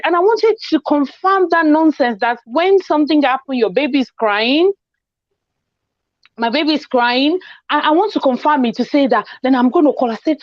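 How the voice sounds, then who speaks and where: High-voiced woman telling a story. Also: normal speed, no echo, dull audio. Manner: animated storytelling, acts out quoted dialogue. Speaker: host. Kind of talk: casual group chat. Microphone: video call.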